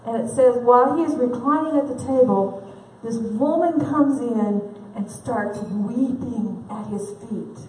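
A woman's voice: on the high side, measured pace, hardly any pauses, dark tone, slight background noise. A woman conference speaker giving a humorous faith talk, candid and self-deprecating, laughing often, heard from a distant mic in a large event hall.

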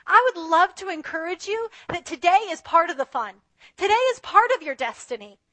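Bright high-voiced woman preaching. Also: sing-song, normal speed, no room sound. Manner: earnest, conversational, acts out prayers to God. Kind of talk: sermon.

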